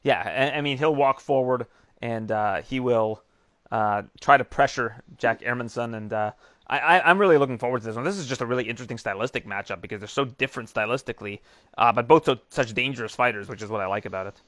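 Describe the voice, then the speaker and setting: A man hosting a casual mixed martial arts chat show, talking fast and chatty with many fillers. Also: mid-range voice, a bit bright, dry recording, clean studio sound. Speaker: MMA show host.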